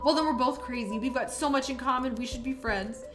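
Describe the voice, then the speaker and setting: A blunt, curt male detective, a self-styled loner who swears back at threats, as a woman reads him. The voice sits fairly high, over a bed of music. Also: fairly quick, lightly acted. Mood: defiant.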